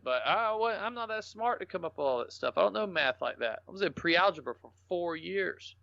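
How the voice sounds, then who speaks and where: A man's voice: on the high side, animated, fairly quick, creaky, hardly any pauses, sharp tone, no room sound. A man, a podcast guest telling rambling, salty, joking stories in casual talk. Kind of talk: casual storytelling interview. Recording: dull lo-fi podcast audio.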